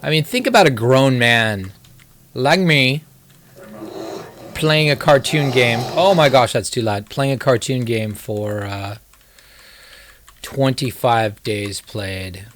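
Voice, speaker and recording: Talking casually during a live game stream, a man rambles in a wry, self-mocking way as he plays. His voice is mid-range and fairly bright, slow with long pauses, over a slight hiss or hum.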